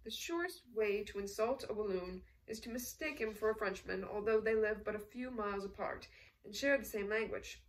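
A woman narrating a novel in a measured, even storytelling manner. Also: mid-range voice, recorded from a distance, poor audio. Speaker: audiobook narrator. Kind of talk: scripted narration.

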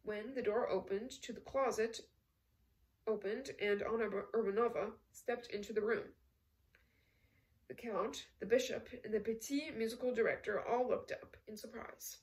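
A woman reading a novel aloud in a steady storytelling way, with small slips. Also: on the high side, normal speed, distant mic, rough recording. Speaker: audiobook reader. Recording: voice set back from the mic.

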